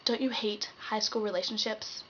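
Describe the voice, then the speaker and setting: A woman's voice: medium pitch, fairly even intonation, moderate pace, fairly bright tone, dull audio, slight background noise. A teenage girl doing a sarcastic, exasperated comic rant to the camera. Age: teens. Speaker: vlogger.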